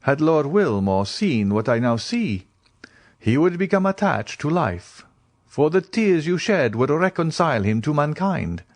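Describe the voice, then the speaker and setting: Audiobook: solemn mysterious count, voiced by the male reader, measured and lively in pitch. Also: no room sound. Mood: grave. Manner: grave, measured. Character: grave, mysterious nobleman, restrained.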